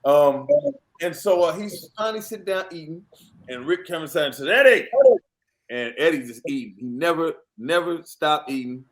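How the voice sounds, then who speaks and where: A man guest on a podcast, telling a lively, profane story and acting out other people's lines. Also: a little high, normal speed. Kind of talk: animated anecdote on a podcast.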